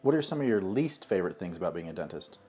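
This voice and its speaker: A man's voice: low voice, sing-song, fast talker, darkish tone, husky, soft background music. A man hosting an interview, asking his guest questions in an easygoing way.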